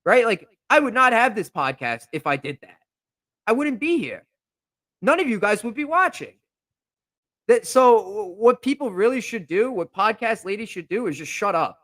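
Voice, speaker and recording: A man's voice: high-pitched, very animated, moderate pace, a bit bright, no room sound. A young man hosting a podcast, ranting in a fired-up, indignant way and repeating himself as he builds steam. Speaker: podcast host. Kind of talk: heated podcast rant. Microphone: podcast microphone.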